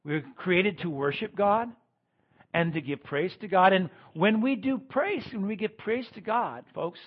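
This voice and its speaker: High-voiced husky male preacher. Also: animated, unhurried, muffled recording. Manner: preaching with swings from loud emphatic lines to quiet ones. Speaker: pastor. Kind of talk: sermon.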